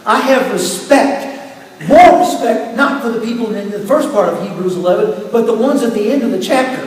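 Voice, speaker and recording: A middle-aged man pastor preaching a sermon with personal testimony, telling his story in turns quiet and emphatic. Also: sits high, lively intonation, fast talker. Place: church sanctuary. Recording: echoey hall from far off, faint hiss.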